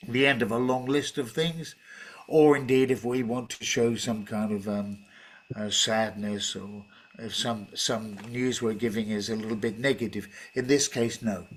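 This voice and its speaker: A man leading a teacher-training workshop, explaining in a measured way with frequent fillers and restarts. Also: medium pitch, fairly even intonation. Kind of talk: online workshop talk.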